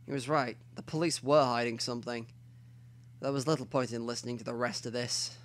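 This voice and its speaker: With a medium-pitched, steady voice and a brisk pace, a man reads a visual novel for a let's play. Between passages he murmurs quiet comments to himself.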